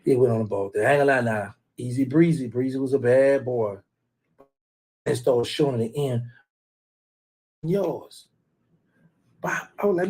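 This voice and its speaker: A man's voice: medium pitch, unhurried, long pauses, slightly rough. A man hosting a casual live stream, rambling and teasing rival fans, calling out viewers by name. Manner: teasing, rambling, trash-talking, shouts out viewers.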